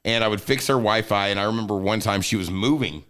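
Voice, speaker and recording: A man telling a funny family story as a podcast guest. He is animated, laughs often, and swears freely. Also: lowish voice, fast, clean tone. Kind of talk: casual storytelling.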